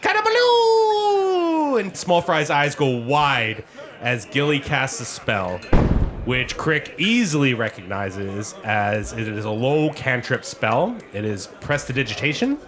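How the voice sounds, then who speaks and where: A man's voice: mid-range voice, expressive, measured pace, a crowd in the background. A man narrating as game master of a tabletop game, casual and often laughing.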